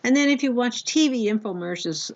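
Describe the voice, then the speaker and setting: A woman's voice: on the high side, fairly quick. Conversational woman teaching a psychology class. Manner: conversational, animated, acts out examples. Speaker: college psychology instructor. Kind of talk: recorded lecture. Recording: dull lo-fi lecture recording.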